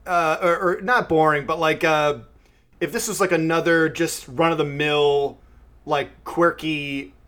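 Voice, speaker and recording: A man's voice: fairly high pitch, fairly even intonation, unhurried, fairly bright tone, clear, resonant tone. A man in casual conversation about a film, chatty, laughing easily and questioning his co-host. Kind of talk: casual film review chat.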